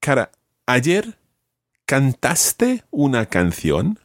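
A man's voice: mid-range voice, huge pitch swings, takes it slowly, dry recording, clean studio sound. A man teaching Spanish one to one, patient, repeating each word for his student. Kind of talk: one-to-one language lesson.

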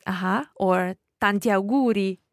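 A native Italian woman co-hosting a language lesson, explaining phrases in a relaxed way. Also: medium pitch, a little slow, dry recording, clean studio sound. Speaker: native-speaker co-host.

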